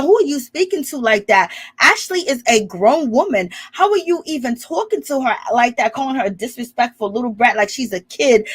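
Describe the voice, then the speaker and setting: A woman doing a casual, sassy reality show recap, chatty and quick to laugh. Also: sits high, a bit bright. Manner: sassy, chatty, peppers lines with "okay?" and "child"; laughs often.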